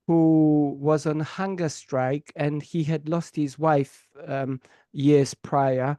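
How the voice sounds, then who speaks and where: A man's voice: on the high side, flat delivery, takes it slowly, mellow, clear, resonant tone, no echo. A man hosting an interview, introducing his guest's story in an earnest, hesitant way. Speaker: podcast host.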